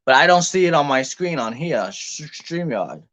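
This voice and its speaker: A man's voice: fairly high pitch, sing-song, normal speed, a bit bright. A man hosting a livestream, chatty and casual, greeting viewers and reading questions out. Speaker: host.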